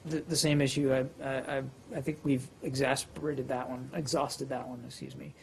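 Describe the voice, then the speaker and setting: A man's voice: fairly high pitch, moderate pace, creaky, a crowd in the background. A man briefing reporters as a government spokesperson, answering questions with many fillers and restarts.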